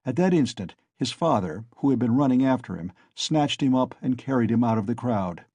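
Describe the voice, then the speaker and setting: A man narrating an audiobook in a steady storytelling manner on a close mic. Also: mid-range voice, normal speed, breathy edge, no room sound. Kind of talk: scripted narration.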